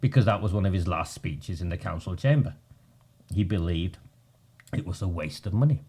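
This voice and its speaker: A man's voice: deep voice, moderate pace, warm tone, husky. A man, a local campaigner talking bluntly and combatively in a casual video.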